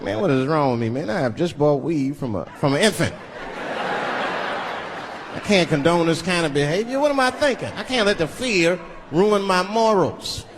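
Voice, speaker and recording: A man's voice: fairly high pitch, expressive, moderate pace. A man doing stand-up storytelling on stage, acting out the voices in his stories. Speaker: stand-up comedian. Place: comedy stage before a live audience. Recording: live show with loud crowd and noise. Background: loud audience laughter.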